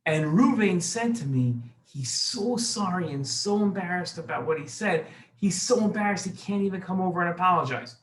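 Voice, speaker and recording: A man voicing a gentle, kindly male high priest who coaxes two quarrelling men toward peace in a children's story. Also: lively intonation, moderate pace, hardly any pauses, roomy sound, slight background noise. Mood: earnest.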